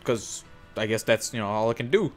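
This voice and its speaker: A young man casually telling a work story for his gaming channel, animated and cursing, acting out the other people in shifting voices. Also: lowish voice, fairly quick. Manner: animated, swears, acts out quotes in shifting voices. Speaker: gaming youtuber. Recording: faint music underneath.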